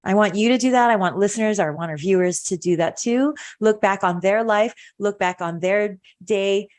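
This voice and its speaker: A woman's voice: mid-range voice, normal speed. A woman hosting a podcast, talking in an earnest, reflective way and repeating phrases for emphasis. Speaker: podcast host. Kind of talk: casual podcast conversation.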